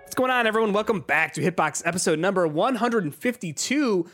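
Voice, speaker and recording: A man's voice: sits high, lively intonation, fairly quick, a bit bright, soft background music. Upbeat chatty man hosting a podcast. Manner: chatty, many fillers and restarts, upbeat. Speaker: podcast host. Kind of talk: casual chat.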